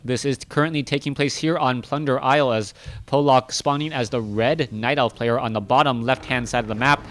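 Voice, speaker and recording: This esports caster talks a little fast at a medium pitch, with a slight hiss or hum behind him. He covers a strategy game alone, chatting, fixing his own slips, and getting more excited when big plays happen.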